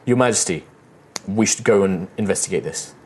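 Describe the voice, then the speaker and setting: Man as stern woman guard captain, curt orders, low voice, faint noise. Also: a little fast, a little mellow, natural voice. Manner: curt, commanding.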